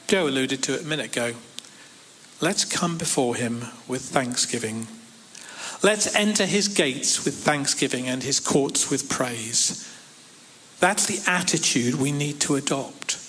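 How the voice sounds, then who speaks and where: A man's voice: fairly high pitch, a bit bright, a little hiss or hum. A man preaching a sermon, reading scripture aloud and adding dry humorous asides.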